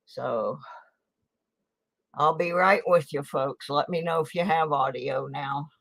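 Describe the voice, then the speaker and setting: A woman hosts her livestream from a home setup in a folksy, chatty way, sometimes eating while she talks. Her delivery is unhurried and drawn out. The sound is dry and close on a desk microphone. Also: low voice, a bit bright, no echo. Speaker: host of a coin collecting livestream. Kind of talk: casual livestream chat.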